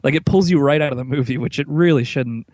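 A man co-hosting a casual podcast chat, rambling and animated, with lots of restarts. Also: fairly high pitch, fast, no room sound. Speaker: podcast co-host.

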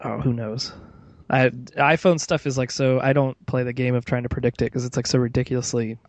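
A man's voice: mid-range voice, steady tone, brisk, dry recording. A man hosting a casual tech podcast, rambling and opinionated, with plenty of fillers. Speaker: podcast host.

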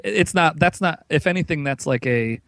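A man co-hosting a casual podcast chat, rambling and animated, with lots of restarts. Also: on the high side, brisk, gravelly, dry recording. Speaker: podcast co-host.

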